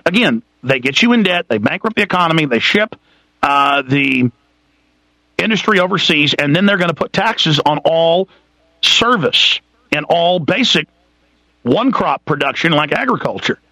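An intense man rants through a political radio monologue, stacking lists and rhetorical questions. His voice is raised and gravelly, with a bright, forceful edge. The studio sound is dry and close. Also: fairly high pitch, dry recording, poor audio. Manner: intense, ranting, piles up lists, rhetorical questions, slows to hammer words. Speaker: radio talk show host.

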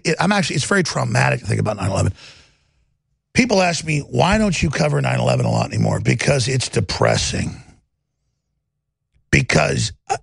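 A man hosting a talk radio show, ranting in an agitated way that swings from mumbling to loud. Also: fairly high pitch, creaky, breathy edge, no echo, studio quality. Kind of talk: heated talk radio monologue.

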